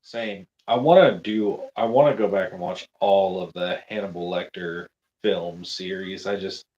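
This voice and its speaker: A man chatting casually in a movie commentary, relaxed and easygoing. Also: low voice, a little slow. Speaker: podcast co-host. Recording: dull lo-fi call audio.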